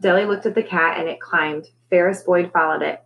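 A woman reading a children's novel aloud in a steady storytelling manner. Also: fairly quick, creaky, highs cut off, slight background noise. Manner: steady storytelling, lifting pitch for characters' lines. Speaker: reader. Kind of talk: read-aloud narration.

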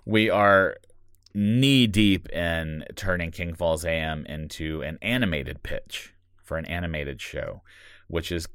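Very deep-voiced man in casual podcast chat. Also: slow pace, clear, resonant tone, dry recording, clean studio sound. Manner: animated, laughs easily, swears casually. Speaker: podcast co-creator and writer.

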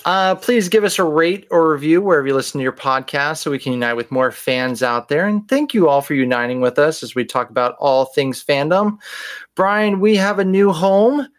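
A man's voice: mid-range voice, a little fast, few pauses. A man co-hosting a podcast in a casual, enthusiastic, jokey chat. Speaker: podcast co-host.

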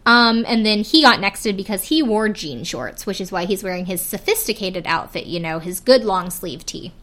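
At a normal pace, a young woman with an animated, mid-range, slightly bright voice recaps a reality show on her casual podcast. She's chatty and giggly, saying "like" and "um" constantly.

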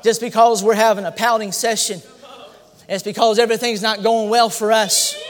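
A male pastor preaching a sermon, emphatic, climbing into shouted repetitions. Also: high voice, level tone, normal speed. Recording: long hall reverb.

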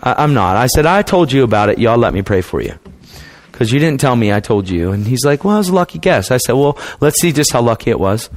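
A man's voice: medium pitch, lively intonation, a little fast. Man telling a sermon testimony casually. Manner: casual and conversational, calls people man and dude; acts out quoted people in dialogue. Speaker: preacher.

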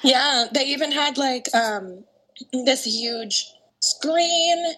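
A young woman with a morning voice, a guest singer-songwriter chatting casually in a podcast interview, full of "like" and "um" and quick laughs. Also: sits high, sharp tone. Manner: chatty, laughs often, many fillers like "like" and "um".

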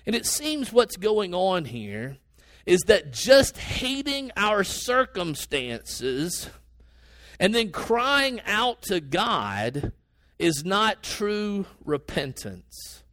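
A man preaching a sermon as a pastor, earnest and conversational, with sudden rises in pitch and pace. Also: fairly bright tone, no echo.

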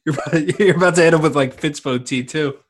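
A man's voice: fairly high pitch, fast. A young man co-hosting a casual chat, jokey and teasing. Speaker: podcast co-host.

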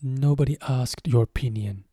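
Alice, a curious and earnest young girl, as a man reads her in a storybook reading. The tone is husky and dark, and the lines come slowly and dry. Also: mid-range voice, dry recording, natural voice. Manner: earnest, easily offended.

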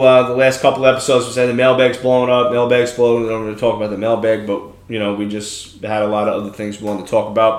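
A man's voice: mid-range voice, echoey room. A man in his thirties from New York, hosting a podcast and telling stories in a loose, casual way, swearing freely. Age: 30s. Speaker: podcast host. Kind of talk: casual chat.

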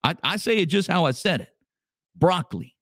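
A man's voice: high-pitched, very animated, normal speed, fairly bright tone, no room sound, studio quality. A man hosting a radio show, chatting casually in a rambling, jokey way. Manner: rambling, jokey, repeats himself.

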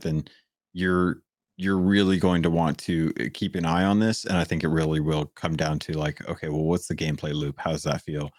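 A man co-hosting a gaming podcast, talking things through in a thoughtful, measured way with many restarts. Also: sits low, dry recording, studio quality. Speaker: podcast co-host. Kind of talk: casual chat.

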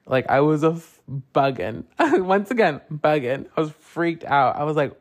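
A man's voice: normal speed, hardly any pauses. A young man hosting a podcast, telling a personal ghost story in a casual, profane way, full of fillers. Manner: chatty, profane, lots of "like" fillers; puts on high voices when quoting others. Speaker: podcast host.

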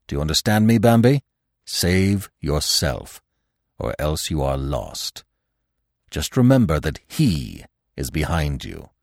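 A man's voice: very deep voice, dry recording, clean studio sound, voice pushed down, exaggerated voice. A man voicing a wise old male stag in a storybook reading, speaking with urgent, emphatic commands. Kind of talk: audiobook reading.

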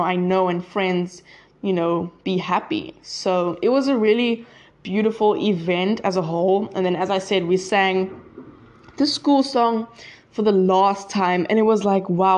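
A woman's voice: mid-range voice, darkish tone. A teenage girl talking casually to her viewers in a chatty, rambling way that often drifts off track. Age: teens. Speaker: vlogger. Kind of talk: casual chat to camera.

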